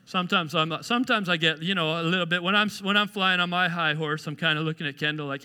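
A man's voice: fairly high pitch, fast talker, bright, forceful tone, clean tone. A man preaching a sermon in a conversational, self-deprecating way, acting out mock apologies. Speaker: pastor. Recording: long hall reverb.

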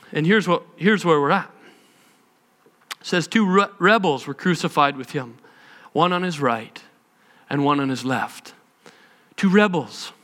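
A male preacher with a high, bright, clear voice, telling the story with animated emphasis and repetition. His sermon carries long reverb in a church hall. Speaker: pastor.

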